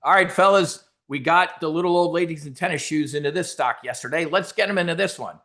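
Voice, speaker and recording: A man's voice: on the high side, fairly quick, a bit bright, pitched above the performer's own voice, lightly acted. A man putting on a greedy, smug stockbroker talking to his crew, in a salesy tone. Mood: scheming. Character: greedy male stockbroker pushing churn.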